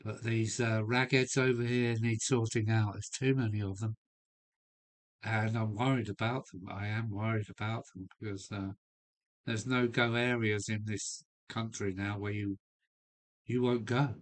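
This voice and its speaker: This model railway streamer from England talks in a low-ish, flat, unhurried voice on his live stream setup. Rambling casually to his live audience from his home loft, he comes across as blunt and opinionated and swears every so often.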